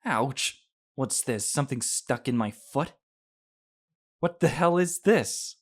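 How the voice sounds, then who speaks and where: A man's voice: mid-range voice, measured pace, lightly acted. Man voicing a big clumsy bear. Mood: outraged. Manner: blustering, then sheepish. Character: big clumsy hot-tempered male bear.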